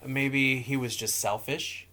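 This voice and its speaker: A man co-hosting an advice podcast, telling a dating story in a halting, hesitant way. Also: mid-range voice, fairly even intonation, pushed and bright. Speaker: podcast co-host. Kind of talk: casual frank chat.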